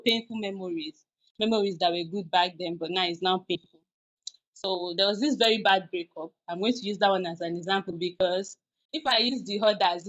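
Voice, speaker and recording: A woman's voice: mid-range voice, a bit bright, rough recording. A woman hosting a podcast, giving frank, confessional advice in a casual, rambling way with many restarts. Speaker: podcast host.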